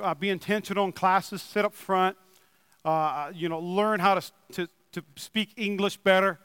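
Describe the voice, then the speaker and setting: A young man preaching a sermon in a church, wearing a microphone, swinging between loud emphatic peaks and relaxed chatty storytelling. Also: sits high, clear, resonant tone, no echo, big-room sound. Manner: excitable, rising to loud emphatic bursts then easing into chatty storytelling. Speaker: pastor. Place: church building.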